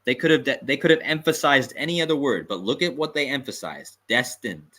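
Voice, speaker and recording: Bright-voiced man hosting a livestream. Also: medium pitch, lively intonation, a little fast. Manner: conspiratorial, emphatic, repeats points, chuckles. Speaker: host. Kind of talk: livestream commentary.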